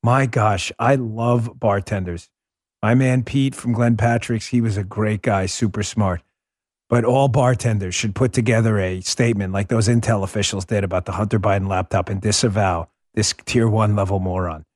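A man hosting a political commentary show, talking fast and fired-up with sarcastic asides and frequent laughs. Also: fairly low pitch, fairly even intonation, a little mellow, dry recording, studio quality. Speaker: podcast host.

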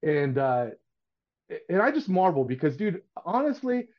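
Middle-aged male podcast guest, earnest rambler with a raised pitch, recorded on dull lo-fi audio. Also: very animated, measured pace. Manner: earnest, rambling with frequent restarts. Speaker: painting contractor guest. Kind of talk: casual podcast chat.

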